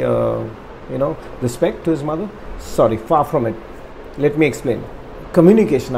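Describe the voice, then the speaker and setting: A man's voice: on the high side, warm tone, a little hiss or hum, low-quality recording. Man teaching a Bible class. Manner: explains in a conversational way, often checking in with "yeah?". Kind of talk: Bible study lecture.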